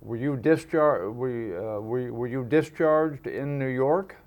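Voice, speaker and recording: A man interviewing a veteran for an oral history, asking gentle follow-up questions. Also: medium pitch, unhurried. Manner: gentle prompting questions, restating answers.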